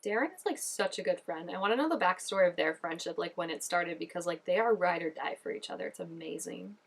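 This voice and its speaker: A woman giving casual reaction commentary on a TV episode. She gushes and chats, fills her talk with "like" and "oh my gosh", and jumps up in pitch when excited. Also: quick pace, gravelly. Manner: gushing and chatty, full of "like" and "oh my gosh". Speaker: show reaction vlogger.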